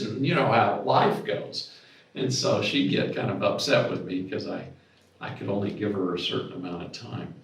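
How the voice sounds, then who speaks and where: A man's voice: on the low side, creaky. A middle-aged man giving a storytelling talk at a symposium, acting out the voices in his anecdotes with sudden bursts of energy. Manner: animated anecdote-telling, acts out dialogue with raised voice. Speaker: speaker at a symposium. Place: hotel conference room. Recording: echoey hall, voice from far off.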